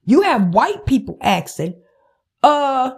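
A woman's voice: high voice, very animated, slow, slightly rough. A woman podcast host, ranting in a heated, profane, emphatic way. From United States. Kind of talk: angry political rant.

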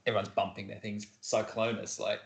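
Man, low-ish voice, rambling, laughs easily, roomy echo. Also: level tone, a little fast, slight background noise. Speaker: artist and podcast co-host. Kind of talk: casual chat.

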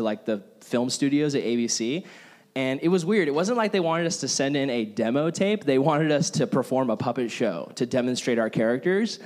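A young man giving a casual, jokey sermon to a youth group, telling self-deprecating stories. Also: medium pitch. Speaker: youth pastor.

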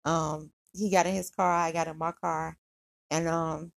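A woman with a low, deeply creaky, gravelly voice hosts a podcast. She tells a personal story in a relaxed, chatty way, full of slang and fillers. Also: measured pace. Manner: chatty, slangy retelling with frequent "he was like" and "um". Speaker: podcast host.

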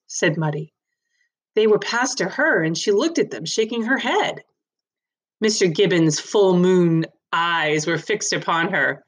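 A woman's voice: fairly low pitch, unhurried, fairly bright tone. A woman reading a novel aloud as a storyteller, greeting listeners and narrating expressively.

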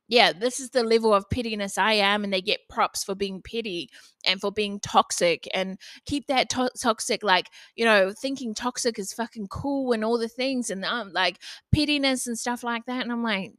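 A woman's voice: a little high, moderate pace, a bit bright, no room sound. Blunt, casual New woman. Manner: blunt, casual, swears freely. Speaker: podcast host. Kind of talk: motivational solo podcast talk.

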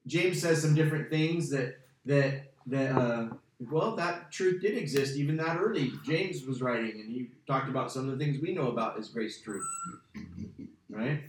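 A man's voice: medium pitch, moderate pace, slight background noise. A man teaching a Bible study as pastor, emphatic and conversational, repeating key phrases for stress. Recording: very echoey, distant church mic.

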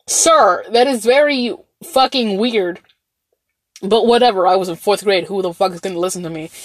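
A woman's voice: fairly low pitch, no room sound. A young woman telling a story in a casual vlog, rambling and swearing, with lots of fillers and restarts. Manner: rambling, profane, animated storytelling with many fillers.

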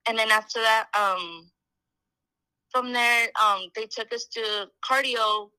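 A woman's voice: a little high, fairly even intonation, slow pace, sharp tone, clean tone, dry recording, poor audio. A woman in her twenties, a podcast guest, telling her story in casual chat, full of "like" and "um" and acted-out quotes. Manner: chatty, heavy on "like" and "um", acts out quoted dialogue.

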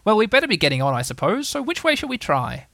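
A man's voice: high-pitched, wildly swooping pitch, creaky, sharp tone, no echo, studio quality, voice pushed up, heavily acted. A man voicing a bossy, self-important male rabbit. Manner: brisk, bossy.

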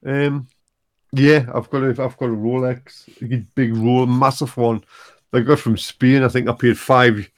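A man's voice: medium pitch, little pitch movement, unhurried. A man, chatting casually as a podcast co-host. He rambles, stalls and searches for words. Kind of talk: casual chat.

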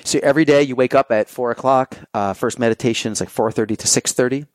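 A man appearing as a podcast guest chats in a loose, conversational manner full of fillers, telling lively stories and performing his own quoted thoughts. His voice has medium pitch and a quick pace, with no echo.

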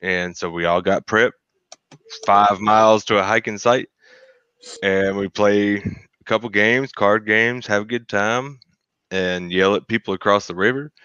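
A man, co-hosting a podcast and telling a lively story where he acts out his friends' voices. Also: lowish voice, measured pace, clear, resonant tone, dry recording, lo-fi sound. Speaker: podcast co-host. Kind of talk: casual storytelling.

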